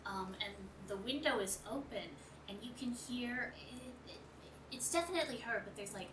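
A woman's voice: fairly high pitch, expressive, normal speed. Woman game master, rambling narration, filler-heavy; roomy, noisy, distant recording.

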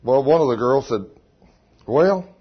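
A man telling a story in a sermon, folksy, going from hushed to loud and excited. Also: medium pitch, a little slow, husky. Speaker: preacher. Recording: dull muffled sound.

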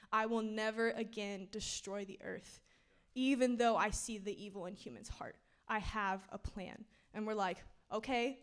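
A woman's voice: on the high side, smooth. A young woman giving a casual, slangy sermon, chatty and laughing often. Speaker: preacher.

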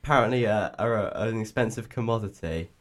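A man's voice: lowish voice, a little fast. A man co-hosting a breakfast radio show, chatting in a laid-back way with dry humor. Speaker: radio co-host. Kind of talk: casual radio chat.

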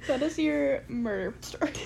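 A woman's voice: high voice, animated, moderate pace, creaky, darkish tone. A young woman co-hosting a casual movie podcast, recorded on a phone at home, teasing and laughing often as she swears. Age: young adult. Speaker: podcast co-host. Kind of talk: casual chat.

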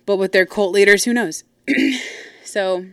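A woman's voice: medium pitch, fairly even intonation, a little slow, a bit bright, clean tone, no echo, studio quality. A woman host telling a personal story casually, blunt and profane, with lots of asides. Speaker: podcast host.

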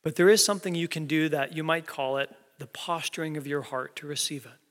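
A man preaching a sermon as pastor, earnest, building to emphatic peaks and then dropping soft and low. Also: steady tone, a little fast. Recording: long hall reverb.

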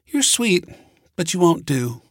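A man's voice: high-pitched, sing-song, unhurried, fairly bright tone, no echo, voice pushed up, exaggerated voice. A man voicing a cool, sarcastic young woman mathematician who teases dryly and stays unbothered. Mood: dismissive. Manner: dry, teasing, unbothered.

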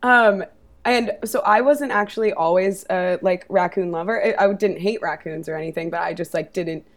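A woman chatting casually with friends, telling a story in a relaxed, rambling way with many ums. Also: on the low side, moderate pace. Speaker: podcast co-host. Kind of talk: casual group chat.

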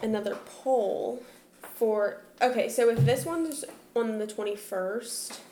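A young woman co-hosting a podcast in casual chat, supportive and quick to laugh. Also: on the high side, dark tone. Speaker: podcast co-host. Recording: echoey room with faint noise.

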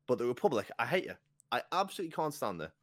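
A man's voice: medium pitch, big pitch swings, no echo, studio quality. A young man from Liverpool with a Scouse accent, a blunt and opinionated podcast co-host. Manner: blunt, opinionated, quick to laugh. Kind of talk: casual chat.

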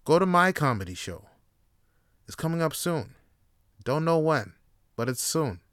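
Man, podcast host, casual comic rant, smooth voice, deadpan asides. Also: on the high side, measured pace, no room sound, studio quality. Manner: profane, rambling, deadpan asides. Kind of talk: casual comedic monologue.

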